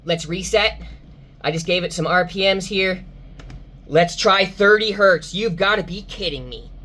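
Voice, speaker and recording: A woman with a fairly low voice narrates her subwoofer tests from inside a car. She is excitable and exclaims to her viewers between casual explanations. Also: a little slow, slight background noise. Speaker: car audio enthusiast testing subwoofers. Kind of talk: excited vlog commentary.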